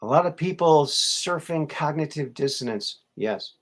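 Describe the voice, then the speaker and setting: A man's voice: fairly high pitch, lively intonation, measured pace. A man hosting a casual live show, musing and rambling with many fillers and restarts as he greets viewers. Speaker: show host.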